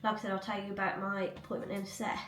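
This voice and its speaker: A woman's voice: medium pitch, little pitch movement, rapid-fire, fairly bright tone, reverberant, recorded from a distance, a little hiss or hum. A young woman vlogging in casual chat at home, rambling, with lots of likes and ums. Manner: chatty, rambling, many fillers. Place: cluttered home room.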